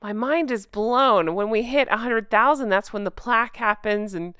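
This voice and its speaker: Woman from the American South, casual channel host, effusive, higher voice, smooth clean tone. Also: normal speed, fairly bright tone, no echo, clean studio sound. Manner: chatty, effusive thanks to viewers. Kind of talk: casual chat.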